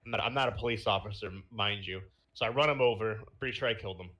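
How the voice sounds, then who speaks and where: Bright-voiced young man telling a rambling story. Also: fairly low pitch, rapid-fire. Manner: rambling storytelling with fillers and laughs. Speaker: podcast host. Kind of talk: casual chat.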